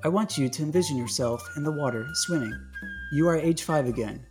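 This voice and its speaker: A man voicing a calm, bossy older sister in a read-aloud fan story, in a measured, instructive manner close to his own voice. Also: fairly high pitch, music in the background, natural voice.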